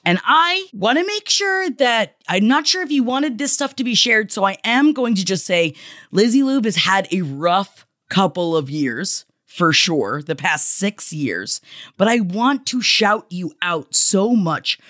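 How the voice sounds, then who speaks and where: A woman podcast host in her thirties with a lively voice that swoops up and down. She gushes with affection while reading listener shout-outs. It is recorded close on a dry studio mic. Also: medium pitch, unhurried, dry recording. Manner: emotional, gushing, affectionate.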